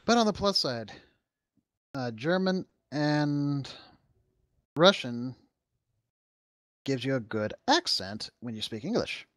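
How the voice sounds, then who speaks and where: A man's voice: medium pitch, very animated, slow, long pauses, a bit bright, no echo, studio quality. A man co-hosting a talk show, adding wry, joking quips in casual chat.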